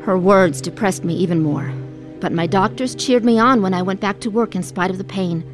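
In a radio drama, an actress voices a weary middle-aged wife who narrates her own troubled past as the lead character. Her natural, mid-range voice moves at normal speed, earnest, reflective and heavy with pain, with music in the background.

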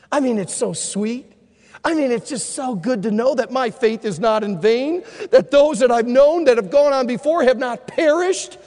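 A man preaching a sermon as pastor, impassioned and rising to shouts, in a large church auditorium. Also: extremely high pitch. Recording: long reverb of a large hall.

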